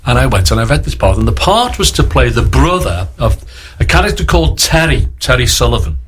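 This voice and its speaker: This guest actor is a sixties-aged man from Liverpool, England, whose accent shows as he rambles through showbiz anecdotes on a radio interview, voicing what others said. He talks at medium pitch, a little fast, with big swings in pitch and a breathy edge.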